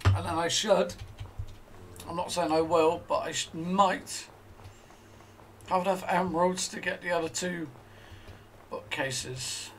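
A man's voice: on the high side, fairly even intonation, measured pace, a little hiss or hum. A man giving casual commentary as he plays a game, thinking aloud to himself. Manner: chatty, thinks aloud while playing. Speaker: let's play host.

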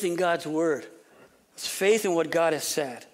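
A pastor preaching an animated sermon, often repeating words and dropping to a whisper for emphasis. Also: male voice, on the high side, a little slow. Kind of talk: expository sermon.

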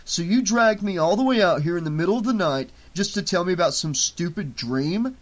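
A man's voice: high-pitched, expressive, fairly quick, pitched above the performer's own voice. A man reading an audiobook, voicing a brash, crude young man who talks bluntly and sarcastically. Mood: scoffing.

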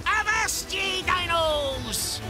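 A woman's voice: very high voice, expressive, extremely slow, music in the background, pitched above the performer's own voice, heavily acted. A woman voicing a boisterous male pirate captain in a cartoon, full of pirate talk and shanty singing. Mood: hearty. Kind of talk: cartoon voice acting.

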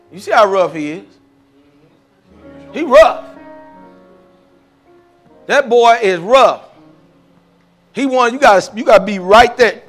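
A man preaching a fervent testimony sermon at a church service, repeating phrases and rising into shouts. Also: very high voice. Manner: repetitive call-and-response preaching, rising to shouts.

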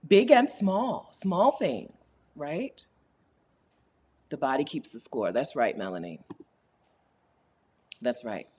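A woman hosting a casual live stream, reading chat comments aloud, animated and laughing often, repeating her points for emphasis. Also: a bass voice, slow pace, pauses often, breathy edge. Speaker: YouTube host answering live chat.

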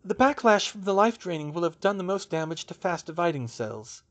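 A man voicing a brisk, brainy young witch. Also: high voice, animated, pitched above the performer's own voice. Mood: analytical. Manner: brisk, reasoning aloud. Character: young woman, quick-minded witch, analytical.

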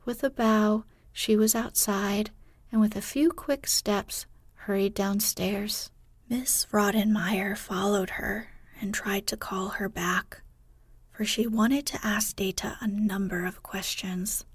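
Soft, slow woman reading a bedtime story. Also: medium pitch, fairly even intonation, slightly rough, dry recording. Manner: soft, hushed, gentle. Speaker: sleep story narrator.

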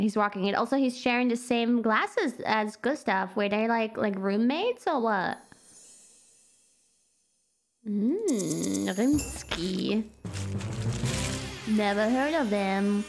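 A young woman streams a game, her high voice leaping all over the place as she gasps and exclaims. Between the outbursts she drawls through card text slowly and playfully. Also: gravelly. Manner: excitable, gasping, reads card text aloud with playful reactions.

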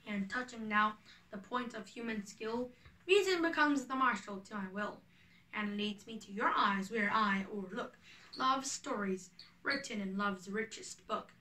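A woman's voice: on the high side, a little slow, sharp tone, echoey room, recorded from a distance, rough recording. A woman reading the part of an ardent young male lover aloud, in earnest verse, a little away from the microphone.

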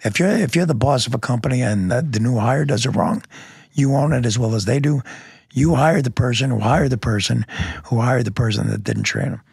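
A man's voice: medium pitch, brisk, gravelly, darkish tone, breathy edge, no room sound, clean studio sound. A middle-aged man, a police lieutenant, speaking as a podcast guest in an earnest, blunt, plainspoken way, with some mild cursing. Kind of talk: candid interview storytelling.

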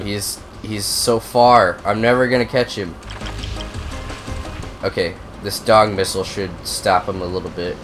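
A young man with a cold who coughs now and then, giving profane, excitable, rambling commentary on a racing game. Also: fairly low pitch, normal speed, music in the background. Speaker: gaming video host. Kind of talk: casual gameplay commentary.

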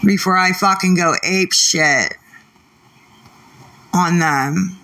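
A woman's voice: fairly low pitch, takes it slowly, pushed and bright, recorded from a distance. A woman livestreaming late at night, irritated and swearing as she argues back at her chat.

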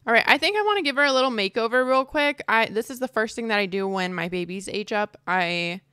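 A young woman giving casual let's-play commentary, chatty and excitable, squealing at cute moments. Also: medium pitch, fairly quick, clean tone, dry recording, clean studio sound. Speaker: gaming video creator.

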